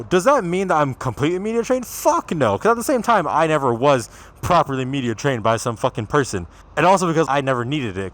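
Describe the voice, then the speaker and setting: A young man with a Toronto accent, ranting casually and bluntly to the camera, swearing freely and rambling from point to point. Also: mid-range voice. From Canada. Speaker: vlogger.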